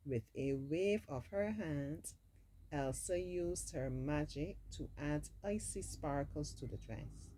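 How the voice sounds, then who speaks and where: A woman's voice: deep voice, expressive, slow, mellow, a little hiss or hum, low-quality recording. A woman reading a storybook aloud expressively, dropping in casual asides of her own. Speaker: storybook reader.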